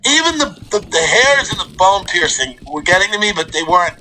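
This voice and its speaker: Bright-voiced man telling comic stories. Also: high voice, brisk, a little hiss or hum, poor audio. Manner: animated comic storyteller, acts out quotes. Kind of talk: casual storytelling chat.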